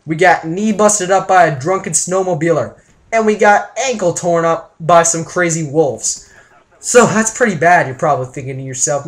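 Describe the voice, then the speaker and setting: Animated joking young man telling a story. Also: a little high, normal speed. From Canada. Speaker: vlogger. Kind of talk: casual storytelling vlog.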